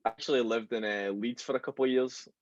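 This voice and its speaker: A man in his thirties from Scotland with a softened Glaswegian accent, chatting as a podcast guest, halting with many ums and restarts. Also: mid-range voice, steady tone, no echo. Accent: Glaswegian, softened by years in the US. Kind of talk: casual podcast chat. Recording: dry, dull lo-fi call audio.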